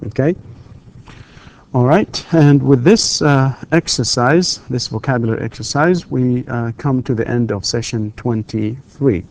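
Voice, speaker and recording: A man's voice: mid-range voice, a little slow, creaky, darkish tone. A male university English lecturer, giving a recorded lesson and patiently repeating questions for his students. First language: Arabic.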